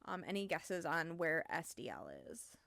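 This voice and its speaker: A woman's voice: on the low side, sing-song, moderate pace, vocal fry, fairly bright tone, no room sound, clean studio sound. A woman hosting a casual book club podcast, summarizing a novel in a chatty way with lots of ums and likes. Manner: chatty, many "um"s and "like"s.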